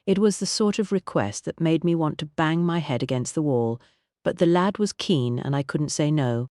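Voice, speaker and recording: A woman narrating a mystery novel as an audiobook in a measured, wry manner. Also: deep voice, warm tone, no room sound, clean studio sound.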